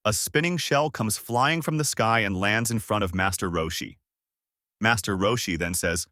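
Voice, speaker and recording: A man hosting and reading a fan-made story in a plain, steady narration. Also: fairly low pitch, moderate pace, no room sound, clean studio sound. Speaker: host.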